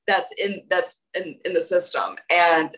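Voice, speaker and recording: A woman's voice: on the low side, a little slow, rough recording. A woman chatting casually as a podcast co-host, retelling events with energy. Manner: lively retelling of episode events. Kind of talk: casual chat.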